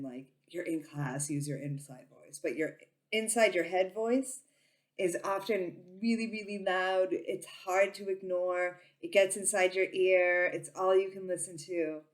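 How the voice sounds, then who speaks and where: A woman who reads tarot, talking casually to her viewers and saying she talks very loudly, with lots of ums and restarts. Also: on the low side, measured pace. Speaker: tarot reader and psychic. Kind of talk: casual informational talk to camera.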